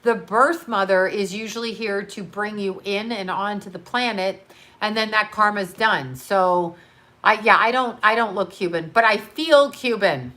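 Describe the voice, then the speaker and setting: A woman with a bright, forceful voice hosts a casual livestream. She speaks as a psychic medium and answers her chat in a blunt, loose way. She swears freely and laughs often as she talks. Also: medium pitch, steady tone, normal speed. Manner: talks straight to her chat, reads out comments and riffs. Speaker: psychic medium answering live viewer questions.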